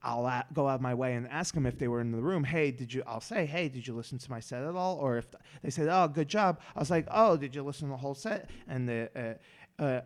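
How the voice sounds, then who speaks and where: A man's voice: mid-range voice, fast. A man talking as a podcast guest in casual chat, rambling with many restarts and stammered words.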